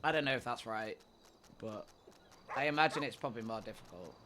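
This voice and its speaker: A man's voice: medium pitch, lively intonation, brisk. Male streamer, mid-range voice, easygoing and rambling, swears freely, light background noise. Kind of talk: casual chat with viewers during a roleplay stream.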